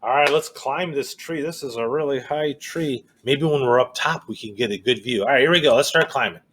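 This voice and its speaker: A man's voice: mid-range voice, a little fast, fairly bright tone, a little hiss or hum. A man leading a children's story walk outdoors, chanting a repeating refrain with playful exclamations. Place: outdoors in a cornfield and woods.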